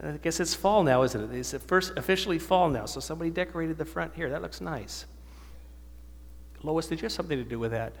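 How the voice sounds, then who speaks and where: A man's voice: fairly high pitch, fairly quick, vocal fry. A male preacher giving a sermon to a live audience, often asking them questions and answering them himself. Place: church or meeting hall with an audience. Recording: long hall reverb.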